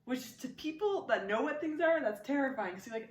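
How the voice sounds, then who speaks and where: A woman's voice: high-pitched, expressive, fairly quick, distant mic, a little hiss or hum. Woman, casual reaction chat, giggly, echoey room, sits back from the mic. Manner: giggly, playful. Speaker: co-host.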